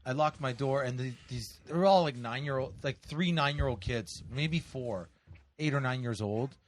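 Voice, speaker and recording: A man's voice: medium pitch, moderate pace, slight background noise. Rambling, cussing man on a podcast. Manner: rambling, profane storytelling with many fillers. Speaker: podcast co-host. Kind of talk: casual chat.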